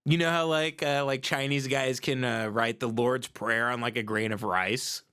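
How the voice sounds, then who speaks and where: A man's voice: mid-range voice, fairly even intonation, pushed and bright, clean tone. A man hosting a livestream, riffing crudely in a rambling comedic rant on a sensitive mic. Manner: crude, rambling, quick improvised bits. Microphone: sensitive mic without windscreen.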